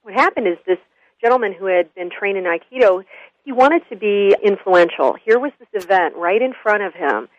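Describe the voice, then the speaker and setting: A woman guest telling a story in an earnest, animated interview. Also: mid-range voice, normal speed, dry recording. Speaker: guest, school consultant. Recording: dull lo-fi radio audio.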